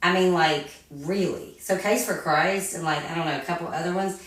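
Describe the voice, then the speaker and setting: A woman's voice: fairly low pitch, normal speed, a bit bright. A woman co-hosting a casual chat, talking in a chatty way with many fillers. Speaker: co-host. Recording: echoey room, distant mic.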